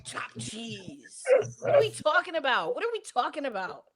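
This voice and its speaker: A podcast co-host with a New York accent and a high voice talks fast on a casual show, with crowd noise in the background. She's playful and slang-heavy, staying animated as she riffs.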